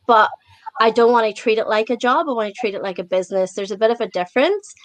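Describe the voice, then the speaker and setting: A woman with an Irish accent, a guest in a casual interview chat, chatty and quick to laugh as she tells stories. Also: fairly high pitch. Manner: chatty, laughs often while telling stories.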